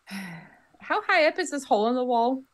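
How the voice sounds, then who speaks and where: A woman's voice: sits high, big pitch swings, unhurried. A woman playing a tabletop role-playing game, with dry, wry remarks. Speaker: player. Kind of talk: tabletop role-play banter.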